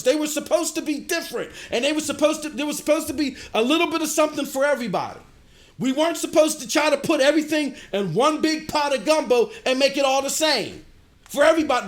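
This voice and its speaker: A middle-aged man streaming games, ranting and answering his chat in an animated way. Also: very high voice. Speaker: gaming streamer. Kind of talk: livestream commentary, answering chat.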